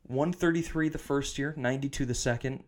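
A man's voice: medium pitch, fairly even intonation, a little fast. Man, sports podcast host, casual, rattles off stats. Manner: leads the segments, reads out stats.

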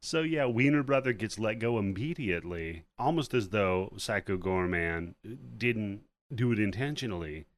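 A man co-hosting a podcast, casually recapping a movie scene by scene, profane and animated, acting out the characters' lines. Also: fairly low pitch, normal speed, few pauses. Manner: profane, animated retelling with acted-out quotes. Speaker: podcast co-host.

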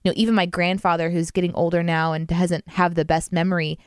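A woman chatting casually as a co-host about a movie, animated and full of restarts. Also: on the low side, quick pace, smooth, dry recording, studio quality. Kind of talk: casual chat.

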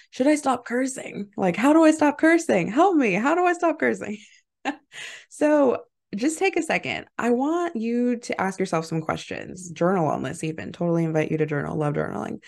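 A woman's voice: medium pitch, vocal fry, darkish tone. A woman hosting her own podcast, talking casually and encouragingly, full of "like" and "right?" fillers. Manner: chatty, filler-heavy, lots of "like" and "right?"; upbeat and encouraging, laughs easily. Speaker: podcast host and mindset mentor. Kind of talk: casual motivational monologue.

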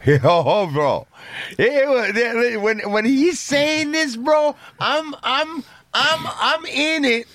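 A man hosting a podcast, reacting excitedly in casual slang. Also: very high-pitched, slow pace, hardly any pauses, no echo. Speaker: podcast host. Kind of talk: casual interview chat.

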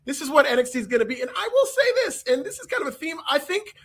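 A man co-hosting a podcast, chatting casually and animatedly about wrestling, with frequent restarts. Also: very high voice. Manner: animated, talks fast with restarts. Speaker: podcast co-host.

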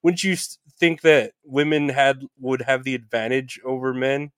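Guy hosting a chill interview, kinda rambly, mid pitch, dry close sound. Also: steady tone, moderate pace, a bit bright, clear, resonant tone, no room sound. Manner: rambling, restarts, swears casually. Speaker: podcast host. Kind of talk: casual interview chat.

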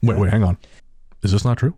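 A man's voice: lowish voice, brisk, dark tone, slightly rough, dry recording. A man hosting a podcast, chatting casually with sarcastic, profane jokes and frequent laughter. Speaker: podcast host.

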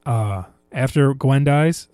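A man's voice: medium pitch, takes it slowly, dark tone, clear, resonant tone, no room sound. A man chatting casually about movies on a podcast, rambling with restarts and now and then putting on silly voices for quotes. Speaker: podcast co-host.

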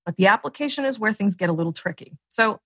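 Animated woman coach in a dry booth. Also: mid-range voice, quick pace, breathy edge, no room sound. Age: late 30s. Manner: animated, acts out inner voices. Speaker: guest author and coach. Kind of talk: podcast interview, explaining.

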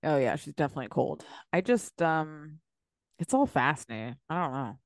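Female podcast co-host, lowish voice, blunt and sarcastic, dry close-mic sound. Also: moderate pace, no echo. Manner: blunt, animated, swearing, sarcastic asides. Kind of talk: casual chat reviewing a reality show.

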